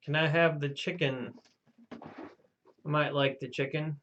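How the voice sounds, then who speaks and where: A man hosting a casual live stream, making deadpan, mock-ominous pronouncements. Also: fairly high pitch, a little slow, muffled recording. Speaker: host playing the Hal character.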